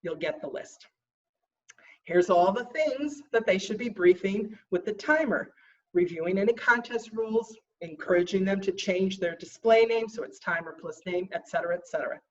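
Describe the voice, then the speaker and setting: A woman's voice: medium pitch, far from the mic, highs cut off. Fussy woman giving an emphatic training briefing. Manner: emphatic, slows down to stress points; self-described fussy stickler. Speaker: contest trainer.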